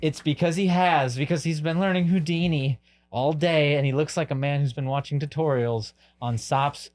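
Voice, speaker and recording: A man's voice: a little high, darkish tone. Jokey man in casual podcast chat. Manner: jokey, quick questions. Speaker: podcast co-host.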